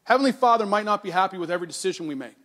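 Middle-aged male pastor, sermon storytelling, slightly high voice, earnest. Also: racing. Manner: storytelling with animated quoting, then earnest and softer on scripture.

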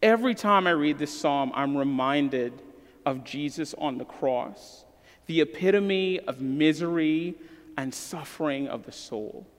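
A man in his thirties preaching a sermon as a pastor, earnest and emphatic, falling to a soft voice in prayer. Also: fairly high pitch, animated, measured pace. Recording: long hall reverb.

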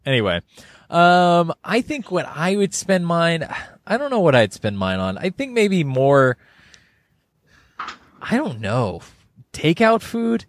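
A man's voice: fairly high pitch, big pitch swings, takes it slowly, dry recording. Chatty laughing male podcast host. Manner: laughs often, rambling. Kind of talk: casual podcast chat.

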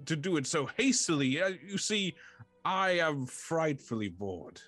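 A shy, lonely fort speaks in a genteel, stammering way, high and lilting, as a man puts it on in a tabletop game. The voice rises and falls a lot. The sound is dry and close, with faint music behind. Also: big pitch swings, a little slow, a bit bright, heavily acted. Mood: eager. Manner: genteel, old-fashioned, stammering. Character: lonely, shy talking fort, polite and fussy.

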